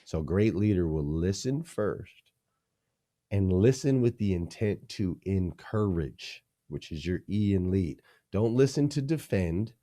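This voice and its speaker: Deep-voiced, energetic male leadership coach. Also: a little slow. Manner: energetic, emphatic teaching with punchy repeated phrases. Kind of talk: podcast interview.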